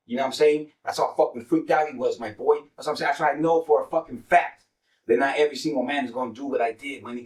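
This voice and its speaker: A man's voice: mid-range voice, reverberant, far from the mic, low-quality recording. A man casually telling a street story as host, cursing freely and dropping streetwise slang. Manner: profane, streetwise slang, repeats "money" as a filler.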